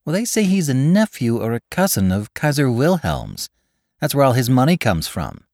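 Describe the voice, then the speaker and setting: A man's voice: medium pitch, huge pitch swings, normal speed, darkish tone, no room sound, studio quality, pitched above the performer's own voice. A man reading aloud, voicing a chatty, gossipy young woman in a period story.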